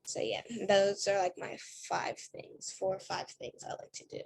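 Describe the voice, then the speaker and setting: A woman's voice: mid-range voice, flat delivery, normal speed, vocal fry. A teenage girl answering interview questions casually, talking in a chatty way with lots of "like" and "you know". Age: teens. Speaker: interview guest.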